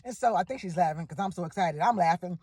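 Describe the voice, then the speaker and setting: A woman excitedly telling a personal story to camera, gushing and repeating phrases for emphasis. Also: lowish voice, fast, breathy edge, dry recording.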